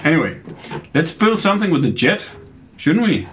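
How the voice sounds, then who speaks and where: A man, a game developer, calmly explaining his builds while playing and chatting. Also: on the high side, normal speed. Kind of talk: casual gameplay commentary. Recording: clear background noise.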